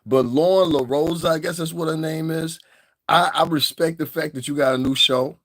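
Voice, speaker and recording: A man's voice: fairly high pitch, steady tone, normal speed, fairly bright tone, dry recording, clean studio sound. A man with a Northeastern US accent ranting on a livestream, swearing freely, laughing a lot and mocking voices. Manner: profane, laughing, mocks voices. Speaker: online commentator. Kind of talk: livestream commentary rant.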